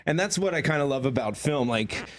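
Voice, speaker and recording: A man's voice: mid-range voice, animated, fairly quick. A man from Queens, raised in Georgia, chatting loosely as an actor guest, rambling with lots of fillers and easy laughs. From Queens, New York; raised in Georgia. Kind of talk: casual interview chat.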